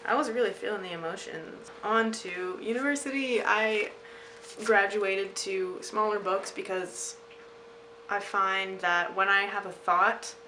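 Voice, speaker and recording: Bright, chatty young woman. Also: mid-range voice, measured pace, a little hiss or hum, rough recording. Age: young adult. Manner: chatty and self-mocking, laughing at herself. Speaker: vlogger. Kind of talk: casual chat to camera.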